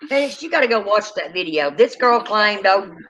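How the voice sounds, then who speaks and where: A woman, a paranormal investigator hosting a casual chat, telling lively stories, acting out quotes and swearing freely. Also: mid-range voice, normal speed, lo-fi sound, slight background noise. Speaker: paranormal investigator and channel host.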